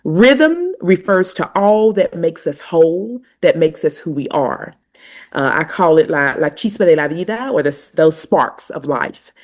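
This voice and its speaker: Middle-aged Southern US woman, lowish voice, measured and emphatic podcast guest. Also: lively intonation, darkish tone. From Southern United States, North Carolina. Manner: reflective, explanatory, emphatic. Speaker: guest, language educator. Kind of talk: conversational interview.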